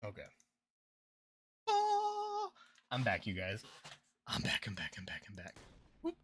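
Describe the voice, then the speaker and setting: A man's voice: low-pitched, a little fast, bright, forceful tone, slight background noise. A man hosting a casual gameplay livestream, chatting playfully and with hype to his viewers. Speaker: streamer and channel host.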